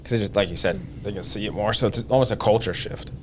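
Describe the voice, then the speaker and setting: A man's voice: on the low side, fast talker. A man, a gym owner and trainer, chatting bluntly and emphatically as a podcast guest. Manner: blunt, emphatic, speaks from experience. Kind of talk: casual podcast chat. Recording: noticeable background noise.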